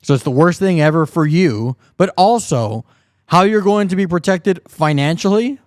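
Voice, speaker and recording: A man hosting his own commentary video, voice a touch high, picking apart a preacher's claims. He sounds indignant and mocking. The sound is close and completely dry. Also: animated, moderate pace, no room sound. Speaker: host of a commentary channel.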